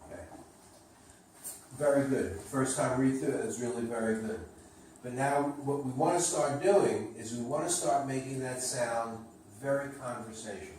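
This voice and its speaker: A man's voice: mid-range voice, normal speed, darkish tone, a little hiss or hum. Echoey, distant male sales trainer. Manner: encouraging, joking, instructive. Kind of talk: coaching a role-play reading. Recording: echoey room, distant mic, faint ambience.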